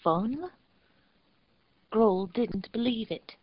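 A woman narrating a storybook in a measured, steady reading voice. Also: fairly high pitch, breathy edge, no echo, highs cut off.

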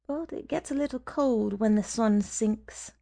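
A woman voicing a reserved, polite middle-aged gentleman in a soft, gravelly voice. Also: fairly high pitch, a little slow. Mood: courteous.

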